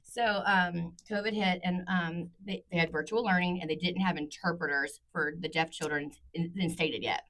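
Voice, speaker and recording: A woman's voice: lowish voice, normal speed, few pauses. A woman in her thirties, a company founder, telling her personal story in a casual interview and acting out the voices she quotes. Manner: animated storyteller who acts out quoted voices. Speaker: interior design company founder, podcast guest.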